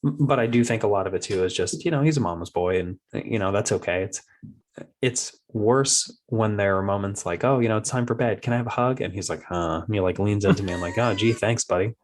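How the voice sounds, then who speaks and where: Man, thirties, podcast host, casual chat, low voice, animated storyteller. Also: quick pace. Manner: animated storyteller, acts out his toddler's voice.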